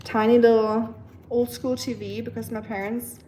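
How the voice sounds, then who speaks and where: A woman's voice: fairly high pitch, little pitch movement, normal speed, warm tone, a little hiss or hum, poor audio. A young woman from Germany with a German accent, chatting casually and rambling a bit as she talks with viewers on her livestream. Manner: chatty, rambling, self-teasing. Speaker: livestream host. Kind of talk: casual chat with live viewers.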